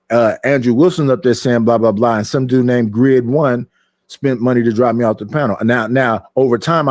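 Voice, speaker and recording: A man's voice: medium pitch, a little mellow, no echo, studio quality. A man, complaining emphatically about people turning against him, repeating his points in casual streamed talk. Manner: aggrieved, emphatic, repeats himself. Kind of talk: heated casual chat. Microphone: streaming mic.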